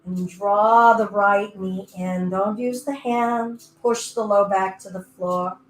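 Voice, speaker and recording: A woman takes it slowly in a medium-pitched, fairly even voice, teaching a guided virtual yoga class from an indoor room. She's playful and chatty, voicing her breath and body, and the echoey recording has faint music plus a little hiss or hum.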